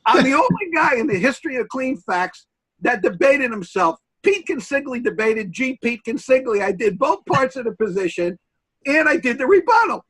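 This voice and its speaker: Animated, excitable older man with a high voice. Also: normal speed, slightly rough, low-quality recording. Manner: excitable, animated, jumps between pitches when quoting people. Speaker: panelist. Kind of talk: lively interview banter.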